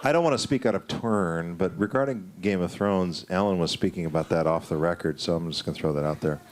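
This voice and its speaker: A man's voice: sits low, brisk, a little hiss or hum. A man on a convention panel, teasing his co-stars with dry ribbing. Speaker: panelist actor.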